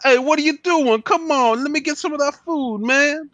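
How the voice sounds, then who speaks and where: A man's voice: very high voice, fairly bright tone, no room sound, pitched above the performer's own voice. A man putting on a pushy young guy who begs for food, dragging out "man" at the end of lines. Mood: pushy wheedling. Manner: wheedling, drawn-out "man" at line ends.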